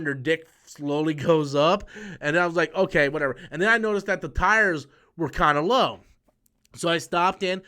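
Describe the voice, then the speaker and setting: Young male vlogger, high-pitched, casual and swearing, restarts his sentences often; storytelling rant. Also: sharp tone. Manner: profane, rambling, with frequent restarts. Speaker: YouTube channel host.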